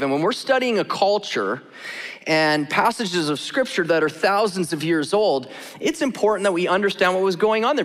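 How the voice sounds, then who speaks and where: A man's voice: high-pitched, a bit bright. A man preaching a sermon as a pastor in a casual, joking, conversational way. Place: church sanctuary. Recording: long hall reverb.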